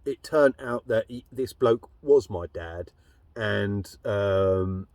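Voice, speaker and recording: A man's voice: medium pitch, no echo. A man telling a personal story in a blunt, rambling way, swearing heavily. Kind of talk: casual storytelling monologue.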